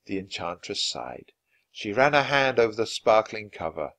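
A man reads a children's adventure story aloud. His delivery is expressive and dramatic. His pitch moves freely over a wide range. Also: moderate pace, creaky. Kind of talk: children's book read-aloud.

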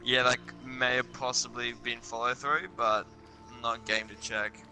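A man's voice: mid-range voice, little pitch movement, a little slow, sharp tone, soft background music. Crude laid-back young man. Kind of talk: casual banter while gaming.

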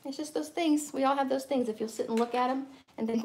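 A woman's voice: high voice, fairly even intonation, fast talker, darkish tone, slight background noise. A middle-aged woman, chatting casually and rambling to live-stream viewers while teaching painting.

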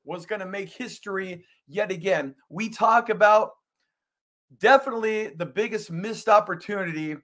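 Bright high-voiced man hosting a show. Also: moderate pace. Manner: theatrical, hyped, talks to an off-mic producer. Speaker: podcast host.

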